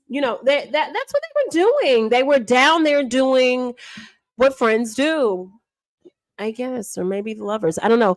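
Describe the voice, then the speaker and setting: A woman, a mother, chatting casually as she recaps online drama in an animated, repetitive, slangy way. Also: on the high side, moderate pace, no echo. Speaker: livestream drama commentator.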